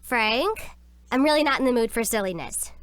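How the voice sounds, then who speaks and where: A woman voicing a bright, science-savvy teenage schoolgirl in a video game, expressive and sincere. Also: on the high side, moderate pace, clean tone, no echo. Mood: skeptical.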